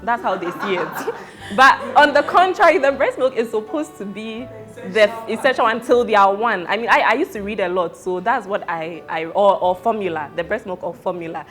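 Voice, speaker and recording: A woman's voice: mid-range voice, animated, moderate pace, a bit bright. A woman from Ghana chatting casually as a mother sharing her experience, chatty and laughing often, with light music behind. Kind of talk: casual chat.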